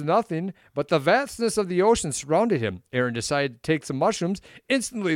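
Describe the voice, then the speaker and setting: A man with an Upper Midwest accent, co-hosting a casual podcast, muttering at equipment and reading a story aloud haltingly. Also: on the high side, no room sound, clean studio sound. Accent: Upper Midwest American. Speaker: podcast co-host. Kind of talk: casual chat.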